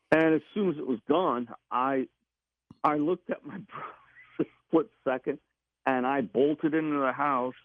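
A man telling a personal story in a casual interview, halting and repeating words as he goes. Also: mid-range voice. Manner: halting, repeats words, laughs between phrases. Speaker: guest recounting an experience. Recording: tinny phone line.

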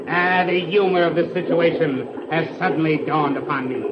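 A man plays a scheming villain with a high, strained voice and stiff, formal speech. He turns desperate fast, in a 1940s radio drama. The old lo-fi recording sounds echoey, with clear hiss behind it. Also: far from the mic, natural voice. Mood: defiant.

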